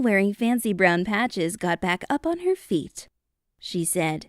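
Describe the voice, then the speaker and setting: A woman narrating a children's storybook in an animated read-aloud manner. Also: lowish voice, measured pace, no echo, clean studio sound.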